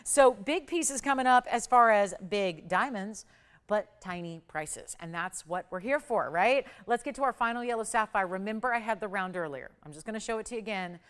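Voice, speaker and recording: Woman, TV shopping host, live jewelry pitch, smooth resonant voice, upbeat urgent patter, studio. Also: expressive, normal speed. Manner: urgent, upbeat salesy patter with price countdowns.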